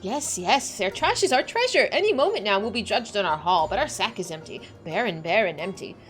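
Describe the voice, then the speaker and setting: A woman's voice: mid-range voice, big pitch swings, a little fast, fairly bright tone, soft background music. A woman voicing a small, downtrodden kobold digger who pleads dramatically and repeats himself while she reads game dialogue aloud. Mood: pleading.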